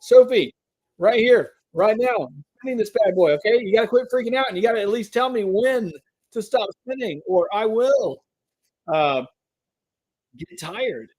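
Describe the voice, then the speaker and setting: A man hosting a live stream giveaway, chatting to viewers and drawing out the suspense. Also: high-pitched. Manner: hypes and drags out suspense, talks to chat.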